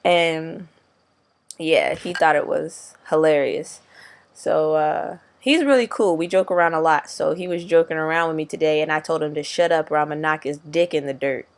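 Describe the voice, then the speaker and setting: A man's voice: a little high, normal speed, creaky. A young man vlogging casually, rambling in slangy, profane talk. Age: young adult. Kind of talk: casual video diary.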